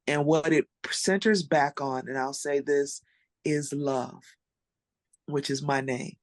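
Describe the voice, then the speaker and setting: An earnest conference speaker, voice type uncertain, sharing reflections in a heartfelt panel talk. The delivery is mid-pitched and thoughtful, with pauses and small restarts. The recording is dry and close. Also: no echo.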